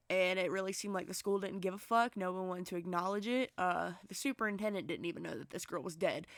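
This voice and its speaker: A woman's voice: fairly low pitch, dry recording, clean studio sound. A young woman ranting angrily in a vlog commentary, cursing heavily and restarting her sentences. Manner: heated profane rant with frequent restarts. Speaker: commentary vlogger.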